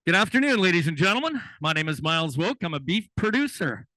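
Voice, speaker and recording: A man from Alberta, working as an auctioneer and calling bids in a rapid, rhythmic chant at a live charity auction. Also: sits high, very animated, bright, forceful tone, no echo, low-quality recording. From Alberta, Canada.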